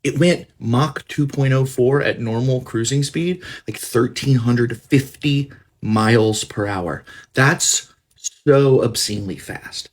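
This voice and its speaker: A man's voice: medium pitch, slow. A man enthusiastically explaining a story in a casual, chatty way.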